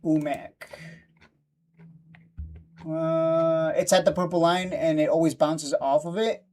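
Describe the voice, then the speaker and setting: A man chatting casually on a live stream about stock charts, rambling and quick to laugh or get annoyed. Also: a little high, flat delivery, a little mellow, a little hiss or hum.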